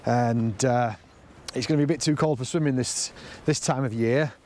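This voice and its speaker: A man's voice: mid-range voice, normal speed, darkish tone. A middle-aged man vlogging casually to camera, earnest and a little emotional, rambling as he talks. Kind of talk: casual vlog talk to camera. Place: outdoors by the sea, then in a camper van. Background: faint wind and outdoor ambience.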